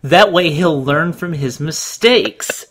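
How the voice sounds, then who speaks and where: A man co-hosting a casual watch-along commentary, animated and jokey, swearing casually. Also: fairly high pitch, slow. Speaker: commentary co-host.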